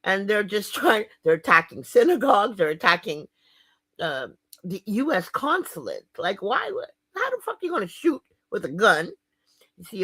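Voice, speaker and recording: A woman sounds off in a fired-up spoken-word rant, swearing freely and pressing each point hard. Her pitch leaps and swoops all over the place, and the recording sounds dry and close. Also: fairly bright tone, dry recording. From Canada. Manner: profane, fired-up and emphatic. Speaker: vlogger.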